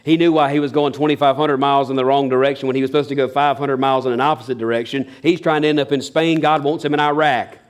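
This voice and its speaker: A man preaching a sermon in an animated, humorous, folksy way. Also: medium pitch, fast talker, few pauses, clear, resonant tone. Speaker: pastor.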